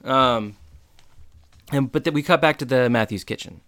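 A man's voice: mid-range voice, normal speed, a bit bright. A man casually recapping a TV episode with a co-host, retelling scenes and quoting the characters in his own voice. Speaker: podcast co-host.

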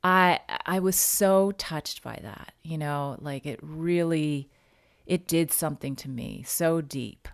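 A woman with a low voice tells a personal story in a relaxed conversational way. She is reflective and halting and often restarts her sentences. The sound is dry and close. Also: vocal fry, dry recording. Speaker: podcast guest sharing a personal story.

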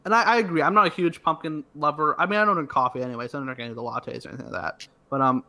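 Male podcast co-host, sharp, fast-talking, eager. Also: on the high side, steady tone. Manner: eager, jokey, quick to chime in. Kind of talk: casual podcast chat.

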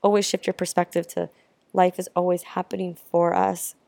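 A young woman vlogging about her travels, telling stories casually and warmly with lots of filler words. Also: lowish voice, flat delivery, moderate pace, gravelly, no echo. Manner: chatty, heartfelt, lots of "like" fillers. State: tearful at times. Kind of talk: casual storytelling to camera.

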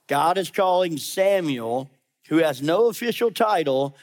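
Slightly high-voiced pastor preaching conversationally. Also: male voice, lively intonation, a little slow. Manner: conversational, direct challenges to the listener; sarcastic asides. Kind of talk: sermon.

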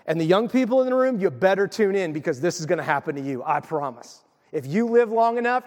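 A man delivers a sermon with animated, chatty energy, dropping into playful asides. His voice sits fairly high for a man. The long reverb of a large church hall trails after every phrase. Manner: animated, conversational preaching with playful acted asides. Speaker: pastor.

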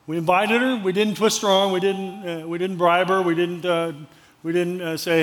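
A man's voice: high voice, a little fast, a bit bright. A male pastor preaching a sermon in a conversational, storytelling way, repeating phrases for emphasis.

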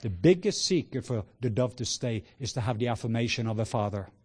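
A man preaching a sermon with passion, moving between hushed words and loud exclamations. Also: mid-range voice, animated, a little fast, breathy edge. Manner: sprinkles in laughter and cries of "whoa".

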